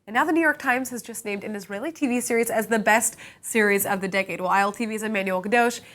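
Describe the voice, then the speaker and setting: A woman's voice: mid-range voice, fast talker, a bit bright. A woman anchoring a news show, reading stories and chatting with a reporter in an upbeat, conversational way. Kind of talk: studio news presenting and chat.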